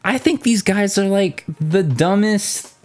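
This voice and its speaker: Sarcastic, animated male podcast co-host. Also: sits high, slow. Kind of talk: casual chat.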